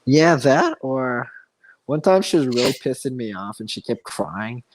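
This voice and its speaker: Brief: male co-host, middle pitch, rambling anecdotes full of fillers, faint background hiss. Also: very animated, unhurried. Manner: rambling anecdotes with many fillers, swears casually. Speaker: podcast co-host. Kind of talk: casual chat.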